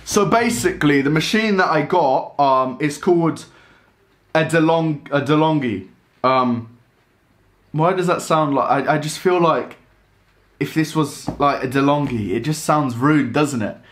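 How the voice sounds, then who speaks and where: A young man rambling excitedly while unboxing a coffee machine in a casual vlog. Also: a little high, measured pace. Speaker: coffee vlogger.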